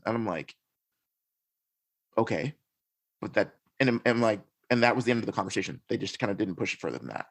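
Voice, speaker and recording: A man's voice: on the low side, very animated, brisk, pauses often, a bit bright. A man talking as a podcast guest, earnestly recounting his experiences in a reflective, conversational way. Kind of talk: conversational storytelling.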